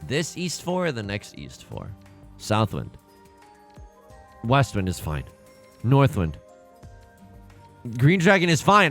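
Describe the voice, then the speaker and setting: A man's voice: a little high, sing-song, slow pace, long pauses, a bit bright, faint music behind. A man hosting a let's play, talking through his game in an exasperated, stammering, self-mocking way. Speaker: gaming channel host.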